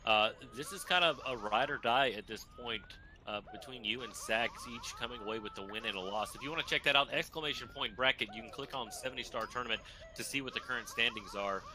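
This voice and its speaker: A man's voice: medium pitch, quick pace, background noise. A man commentating a live speedrun race, upbeat and hyping up the viewers. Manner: upbeat, hype-building, talks to chat and runner.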